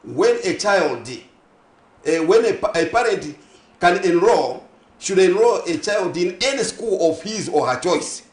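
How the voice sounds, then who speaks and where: A Zambian-accented man, a guest in a TV studio on a morning talk show, pushes his argument with passion, stacking synonyms and checking if listeners follow. He speaks unhurriedly in a high voice with big pitch swings, and the sound is reverberant.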